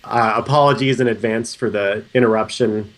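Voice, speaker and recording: A man co-hosting a casual podcast while recovering from a cold, relaxed and wry, speaking into a sensitive microphone. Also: lowish voice, moderate pace. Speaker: podcast co-host.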